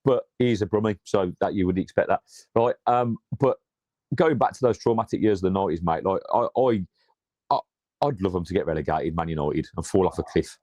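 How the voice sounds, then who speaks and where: Excitable, sweary man, low voice. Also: brisk, dry recording. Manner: excitable, swears freely, repeats words. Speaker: podcast co-host. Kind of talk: casual football chat.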